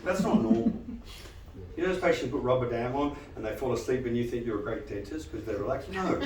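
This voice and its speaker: A man giving a live lecture to dentists, animated and quizzing the audience with frequent questions. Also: mid-range voice, quick pace, roomy sound, far from the mic, a little hiss or hum, low-quality recording. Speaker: dental lecturer.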